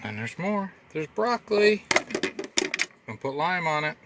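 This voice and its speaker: A man's voice: fairly high pitch, big pitch swings, unhurried, long pauses, heavy background noise. A man chatting casually in a cooking vlog from inside his RV, upbeat and laughing often. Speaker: RV vlogger.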